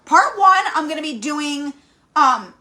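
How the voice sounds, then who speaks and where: A middle-aged woman hosting a casual craft livestream, bubbly and excitable, greeting viewers by name with frequent squeals and laughs. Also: high voice, a little slow. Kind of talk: casual live-stream chat greeting viewers.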